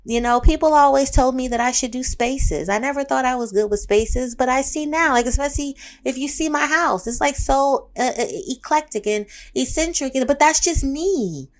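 A woman's voice: sits high, moderate pace, few pauses. A woman, giving a candid motivational monologue in a profane, emphatic, repetitive, fired-up way. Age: 30s. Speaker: self-help speaker.

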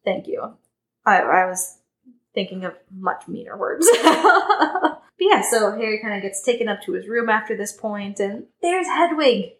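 A woman's voice: medium pitch, lively intonation, moderate pace, low-quality recording. A young woman co-hosting a podcast, chatting casually about a book with lots of filler words. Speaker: podcast co-host.

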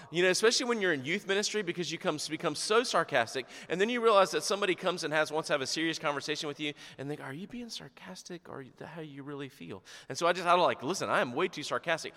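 A man preaching with a bright, forceful voice that swings widely in pitch, his words ringing through a long-reverb church hall. He preaches animatedly and with sarcasm, acting out quotes as he goes. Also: lively intonation, fairly quick. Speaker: pastor. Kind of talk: sermon.

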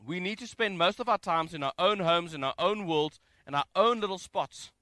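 A man with a high, bright voice preaches a relaxed, jokey sermon, reading scripture aloud between asides. The sound is dry and close, with no room around it. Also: normal speed, no room sound. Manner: conversational, jokey and animated. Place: home, during isolation.

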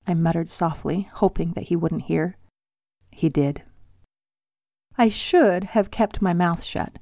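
An older woman hosting her own podcast and reading aloud from her memoir in a calm, measured way. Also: lowish voice, no echo, clean studio sound. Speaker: podcast host and author.

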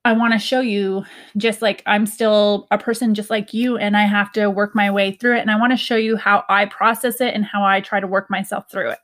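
A young woman talks to camera about healing in a medium-pitched, fairly bright voice. As a spiritual self-help vlogger, she's earnest and chatty, laughing often and quoting her own words in asides.

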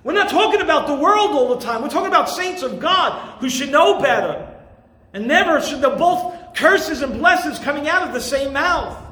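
Man preaching, very high voice, impassioned and emphatic, echoey room. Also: lively intonation, normal speed. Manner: impassioned, emphatic, rising to shouts. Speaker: pastor. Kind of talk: sermon.

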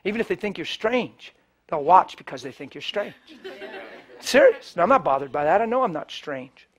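A man preaching, telling a personal story animatedly and swinging from hushed to loud. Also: high-pitched, sing-song, normal speed. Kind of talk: storytelling sermon.

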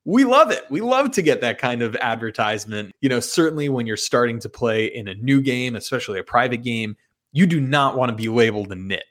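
A man's voice: medium pitch, expressive, a little fast, a bit bright. A man recapping his poker hands in a casual, profane and self-mocking way. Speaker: poker player.

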